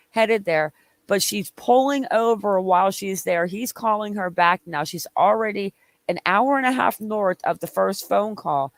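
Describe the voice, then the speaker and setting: A woman hosting a true crime commentary, reacting with blunt, exasperated disbelief and some swearing. She pauses the clips often to have her say. The sound is dry and close. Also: medium pitch, no room sound. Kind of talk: commentary over played clips.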